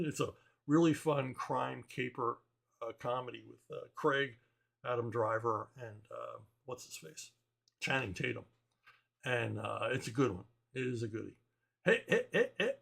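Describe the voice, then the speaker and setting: A man's voice: mid-range voice, fairly even intonation, unhurried, creaky, fairly bright tone. A man who writes comic books, chatting casually and answering viewer questions in a rambling, blunt and wry way, chuckling often. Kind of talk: casual opinionated chat.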